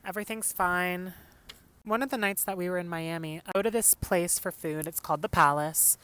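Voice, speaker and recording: A man's voice: high-pitched, fairly even intonation, normal speed, bright, forceful tone, smooth, dry recording. A young man from Los Angeles telling a personal story on his podcast, casual and full of "like" and "you know". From Los Angeles, California. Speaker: podcast host.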